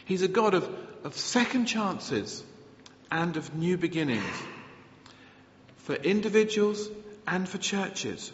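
Earnest preacher in an echoey hall. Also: male voice, high-pitched, takes it slowly, pauses often, a little hiss or hum. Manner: earnest, animated, with frequent restarts. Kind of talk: sermon with Bible reading. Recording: echoey hall, slightly dull sound.

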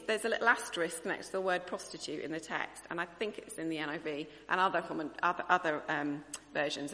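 A woman preaches an earnest, conversational sermon, often pausing to think aloud. Her voice is lowish and sharply bright. A long reverb from the church hall surrounds her.

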